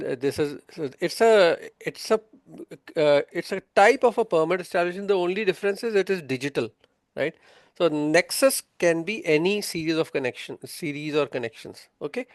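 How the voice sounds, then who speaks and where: Male tax tutor, somewhat high, resonant, lots of hesitations. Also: no room sound, clean studio sound. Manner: explains patiently, quizzing students, many fillers. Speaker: tax instructor. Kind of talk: interactive online lesson.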